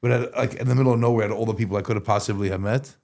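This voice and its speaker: A man's voice: lowish voice, fairly even intonation, racing, darkish tone. Rambling male podcast guest. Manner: rambling, full of "like" and restarts. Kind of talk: casual storytelling.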